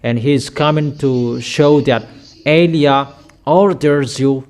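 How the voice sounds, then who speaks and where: A man preaching a sermon in slow, emphatic prophetic declarations. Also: mid-range voice, steady tone, a little mellow.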